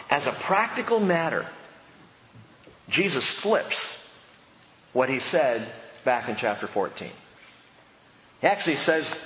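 A male pastor preaches a sermon in a church sanctuary, conversational and emphatic, tossing casual asides to the congregation. His voice is fairly high and sharp, and the echoey hall sounds dull and lo-fi with a little hiss or hum.

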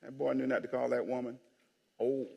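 A man preaching as pastor delivers a playful sermon in a church sanctuary, trading jokes with the congregation and calling for amens. His creaky, medium-pitched voice is flat and fairly quick. The lo-fi recording has long church hall reverb and a little hiss or hum.

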